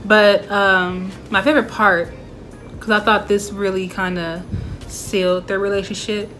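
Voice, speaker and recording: A woman's voice: medium pitch, level tone, a little slow, fairly bright tone, soft background music. A young woman chatting casually as she reviews a favorite movie, talking animatedly and acting out bits of dialogue.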